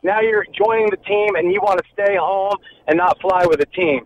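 A man with a strikingly high voice calls in to a sports radio show. He is sarcastic throughout, mocking his target. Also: normal speed, highs cut off, slight background noise. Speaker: caller. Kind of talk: call-in rant.

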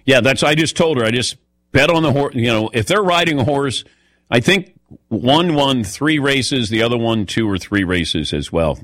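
A man of middle pitch hosts a talk radio show, chatty and anecdotal. His voice is close and dry, with no room around it. He tosses the talk to his co-hosts often. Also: animated, normal speed, fairly bright tone, dry recording. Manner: chatty storyteller, calls on co-hosts by name. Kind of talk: casual radio show chat.

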